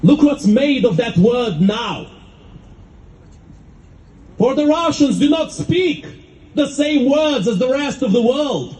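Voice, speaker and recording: A man gives an impassioned public address, his voice sitting very high and swinging widely in pitch. He builds his points with rhetorical repetition and dramatic pauses. Faint noise hangs behind the recording. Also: lively intonation, darkish tone, low-quality recording. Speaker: speaker at a rally.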